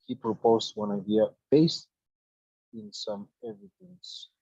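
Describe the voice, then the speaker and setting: A man teaching an online English grammar lesson, explaining step by step with halting restarts. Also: on the low side, lively intonation, creaky, mellow, breathy edge, no room sound. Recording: dull lo-fi dry sound.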